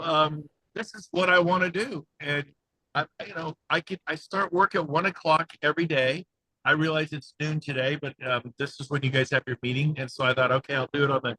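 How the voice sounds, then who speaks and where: A man talking with high energy and excitement on a video call from the passenger seat of a car, rambling and fired up. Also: a little fast, dry recording, rough recording. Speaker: guest speaker, real estate agent coach.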